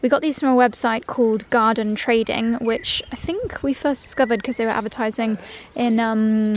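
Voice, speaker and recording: A woman's voice: a little high, steady tone, normal speed, slight background noise. A woman chatting upbeat to her viewers in a lifestyle vlog, calling them darlings. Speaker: vlogger. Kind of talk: casual vlog chat. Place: home and garden.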